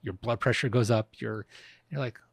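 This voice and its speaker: Gravelly man in his fifties. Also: mid-range voice, fairly even intonation, normal speed, dry recording. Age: 50s. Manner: reflective, frequent restarts and fillers. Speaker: podcast co-host. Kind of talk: casual conversation.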